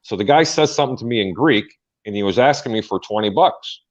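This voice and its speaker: A man hosting a sports talk show, telling an animated story and acting out the quotes. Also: fairly low pitch, fast talker. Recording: dull lo-fi sound.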